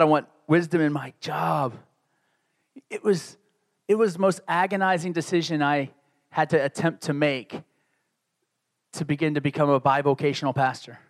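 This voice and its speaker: A man preaching a sermon as pastor, conversational and joking, building to emphatic peaks. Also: a little high.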